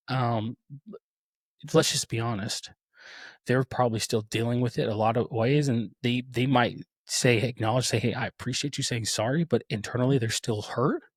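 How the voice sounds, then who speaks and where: A man's voice: medium pitch, no echo, studio quality. A man in his thirties, a podcast host telling a personal story in an earnest, reflective way with many restarts. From Texas. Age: 30s.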